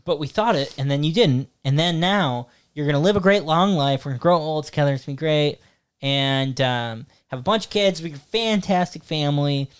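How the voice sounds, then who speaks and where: A man's voice: fairly high pitch, fairly quick, clear, resonant tone. A young man hosting his podcast, chatting casually in a rambling, jokey, playful way. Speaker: podcast host. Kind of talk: casual chat.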